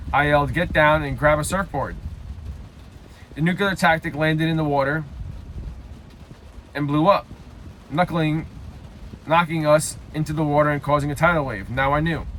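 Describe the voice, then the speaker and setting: A young man reading a story aloud haltingly, breaking off for loud self-mocking side comments. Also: a little high, a little hiss or hum. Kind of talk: casual read-aloud with joking asides.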